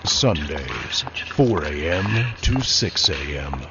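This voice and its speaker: A man's voice: very deep voice, takes it slowly, background noise. A male radio host casually announcing tracks and show times. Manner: chatty, lively announcing. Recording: lo-fi radio recording.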